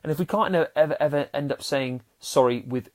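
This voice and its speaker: A man hosting a casual motivational podcast as a happiness coach. He talks earnestly and restarts often, swinging between loud bursts and soft, sincere stretches. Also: on the high side, fast. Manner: swears casually and addresses listeners as warriors.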